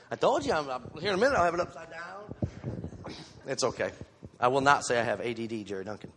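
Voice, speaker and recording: A man's voice: mid-range voice, animated, brisk, a bit bright, a little hiss or hum. A man giving an informal church sermon to his congregation on a handheld microphone, candid and self-deprecating, with joking asides. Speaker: lay preacher. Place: church sanctuary. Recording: long hall reverb.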